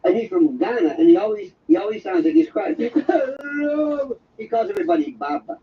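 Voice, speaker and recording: High, lively older man rambling on a stream. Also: fast, gravelly. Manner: digressive, wisecracking, sardonic. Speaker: live show host. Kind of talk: rambling live-stream monologue. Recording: dull, distant stream audio with faint noise.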